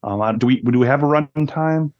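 A man co-hosting a casual TV recap podcast, relaxed and joking. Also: medium pitch, brisk, dry recording. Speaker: podcast co-host. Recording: dull, muffled podcast audio.

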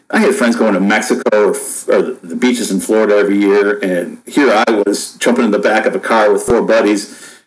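A man in his fifties from upstate New York, a podcast guest telling stories in a relaxed, rambling way with lots of fillers. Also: fairly low pitch, low-quality recording. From Buffalo, New York, USA. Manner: rambling, laid-back, many fillers and restarts. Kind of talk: casual storytelling chat.

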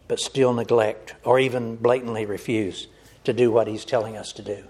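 A man's voice: medium pitch, moderate pace, a little mellow, breathy edge. A man preaching a sermon, earnest and direct, addressing his listeners as folks.

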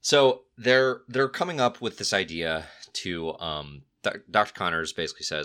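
A man co-hosting a casual comic book podcast, recapping the plot at a steady pace with easy fillers. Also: low voice, normal speed, hardly any pauses, clear, resonant tone. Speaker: podcast co-host.

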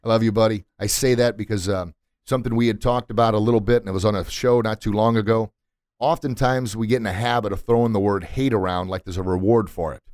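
A middle-aged man with a lowish, darkish voice talks quickly and steadily as he hosts a motivational podcast in a recording studio. Preachy and emphatic, he repeats words to drive points home, on a studio mic with a dry sound.

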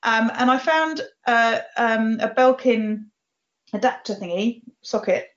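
A woman's voice: on the high side, takes it slowly. A woman hosting a podcast, chatting casually and poking fun at herself, laughing often. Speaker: podcast host. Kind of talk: casual chat. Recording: dull lo-fi audio.

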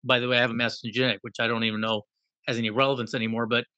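A man's voice: medium pitch, flat delivery, rapid-fire, pushed and bright, no room sound, lo-fi sound. A man in casual conversation, talking emphatically and firing off rhetorical questions.

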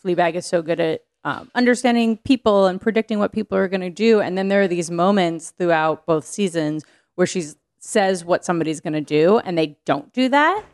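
A woman's voice: fairly low pitch, a little fast, a little mellow. A woman talking casually as a podcast guest, rambling with frequent restarts and casual swearing. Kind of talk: casual chat.

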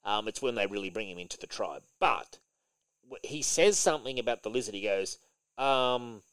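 Lively opinionated man, dry close mic. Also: lowish voice, moderate pace, smooth, dry recording, low-quality recording. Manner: animated, opinionated, swears casually. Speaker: podcast co-host. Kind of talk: casual chat.

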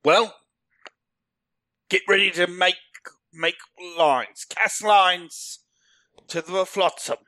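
A man's voice: high-pitched, slow pace, pauses often, bright, forceful tone, dry recording. A man playing a tabletop game, joking and wisecracking with the table. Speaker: player. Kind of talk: casual tabletop game play.

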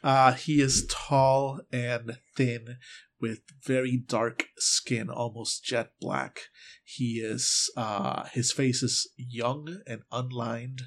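A man's voice: medium pitch, level tone, slow. A man running a tabletop role-playing game, narrating scenes in a casual, descriptive way with frequent fillers. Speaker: game master.

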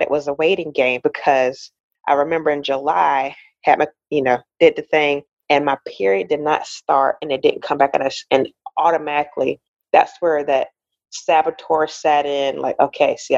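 A woman in her forties, a podcast guest, telling a personal story in a lively way and acting out the voices of the people in it. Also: deep voice, normal speed, vocal fry, dry recording, dull audio. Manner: animated storyteller, acts out quoted voices, laughs often. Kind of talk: casual interview storytelling.

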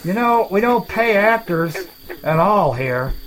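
A man voicing a rambling, self-deprecating alligator in a swamp, talking in halting starts in a comedy dialogue. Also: high-pitched, expressive, fairly bright tone, poor audio. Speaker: main character of a comedy podcast.

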